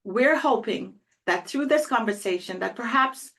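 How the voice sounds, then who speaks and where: A woman's voice: fairly high pitch, animated, moderate pace, vocal fry, fairly bright tone. A woman hosting an interview, upbeat and enthusiastic as she asks questions and sums up. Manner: upbeat, enthusiastic, wrapping up with optimism. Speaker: interview host. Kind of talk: hosted interview conversation.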